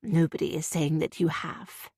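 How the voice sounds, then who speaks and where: A patient middle-aged father in an audiobook, voiced by a woman narrator with a lowered, gentle voice. He talks slowly and stays soft. The recording is dry. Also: fairly even intonation, breathy edge, dry recording.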